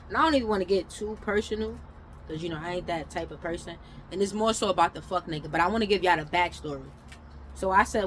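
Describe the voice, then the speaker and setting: A young woman from New York telling a casual storytime, animated, with loud outbursts and mumbled asides. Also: fairly low pitch, brisk, slight background noise, rough recording.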